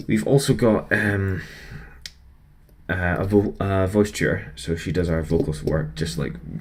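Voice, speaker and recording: A young man with a notably deep, low voice chats to his viewers while he builds a model. He rambles from one thought to the next in an easygoing, self-deprecating way. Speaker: vlogger building a model kit. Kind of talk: casual chat while building.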